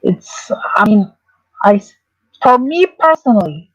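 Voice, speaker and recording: A woman hosting a casual livestream, talking in a halting, hesitant way with many restarts. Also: mid-range voice, sing-song, no echo, muffled recording.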